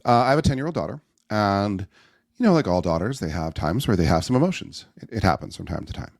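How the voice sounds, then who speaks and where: A man, a podcast guest, telling personal stories in an animated way and acting out the voices in them. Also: fairly low pitch, fast talker, vocal fry, no room sound, clean studio sound. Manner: animated storyteller, acts out voices in anecdotes. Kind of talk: storytelling in a podcast conversation.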